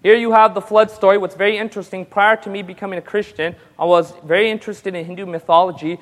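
High-voiced man preaching in a reverberant hall. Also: quick pace. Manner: storytelling, builds to excited high-pitched peaks. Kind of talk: sermon.

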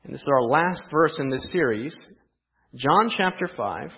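A man preaching a sermon in a church, asking the congregation rhetorical questions and moving between quiet asides and raised emphasis. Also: a little high, lively intonation, normal speed, breathy edge, highs cut off. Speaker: pastor. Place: church sanctuary.

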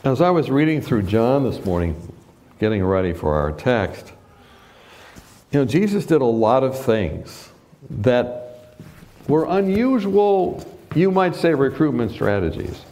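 A male preacher giving a sermon, telling a personal story with lively acted-out quotes and frequent laughs. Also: medium pitch, measured pace, pauses often. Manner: animated storyteller, acts out quotes, laughs often.

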